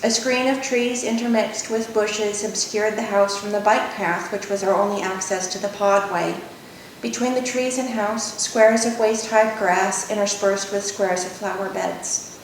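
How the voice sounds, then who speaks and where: A woman author reading her novel aloud in measured first-person narration. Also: steady tone, far from the mic. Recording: echoey room, faint rumble.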